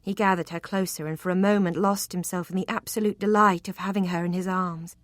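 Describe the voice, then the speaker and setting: A woman narrating a historical romance audiobook in an expressive, intimate storytelling manner. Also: lowish voice, a little fast, dry recording.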